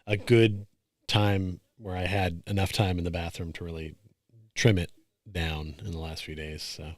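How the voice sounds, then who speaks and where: In a studio-quality recording with no echo, a low-pitched man speaks at normal speed. He co-hosts a basketball podcast, offering wry, laid-back remarks with lively ups and downs during a casual live watch-along of a game.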